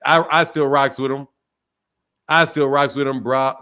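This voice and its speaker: A man's voice: a little high, measured pace, a bit bright. A man hosting a live stream, chatting casually with callers in a loose, profane, teasing way.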